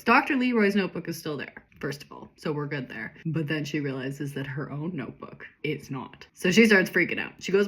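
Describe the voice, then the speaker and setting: A husky, low-pitched young woman reads her old story aloud and breaks off often to mock it with sarcastic asides. Her tone is amused and casual. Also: lively intonation, fairly quick, few pauses, a bit bright. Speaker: reader of her own childhood story. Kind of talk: comic reading with commentary.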